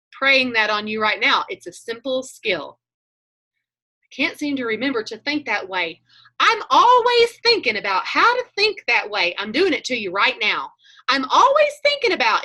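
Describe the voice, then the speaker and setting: On a video call, a woman coaches a group, telling chatty stories and acting out her own thoughts. Her voice is fairly high, bright, and forceful.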